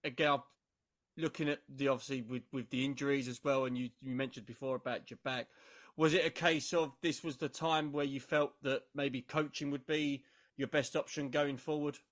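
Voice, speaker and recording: A man hosting a podcast, asking his guest halting questions that he restarts along the way. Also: mid-range voice, fairly even intonation, fairly bright tone. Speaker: podcast host. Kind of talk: interview questions.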